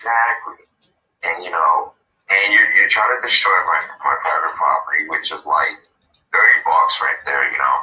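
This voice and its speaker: A man, a radio guest, retelling a story in a rambling, animated way, full of fillers. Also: extremely low pitch, moderate pace, echoey room, recorded from a distance, lo-fi sound, slight background noise. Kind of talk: casual storytelling on a call-in radio show.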